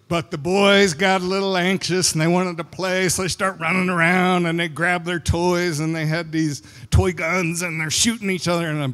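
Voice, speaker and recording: A man's voice: fairly high pitch, fairly even intonation, normal speed. A middle-aged male pastor preaching a sermon, telling a family story with acted quotes and laughing at his own anecdotes. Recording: long hall reverb.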